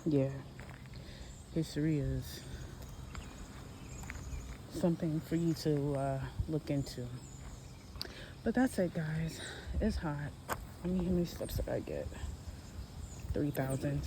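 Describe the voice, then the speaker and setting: A history vlogger in their forties rambles about history while walking outside on a hot day, correcting themselves as they chat. The medium-pitched voice is a little slow with long pauses, captured on a noisy outdoor phone recording.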